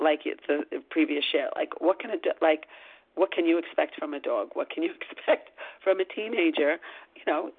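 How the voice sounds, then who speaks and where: A middle-aged woman from New Jersey shares at a recovery meeting in a halting way, full of ums and restarts. Her voice has a gravelly fry, heard through a tinny phone line. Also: deep voice. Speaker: meeting member sharing.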